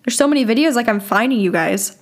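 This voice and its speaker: A woman's voice: on the high side, lively intonation, fast talker, slight background noise. A young woman hosting a podcast, telling a story in a candid, casual way, laughing often and swearing freely. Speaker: podcast host.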